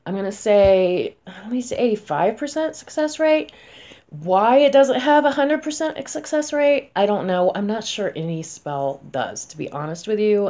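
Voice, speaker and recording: A woman in her forties, a spellcaster, talking casually to camera in a chatty, emphatic way, going from loud to soft. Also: mid-range voice. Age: 40s.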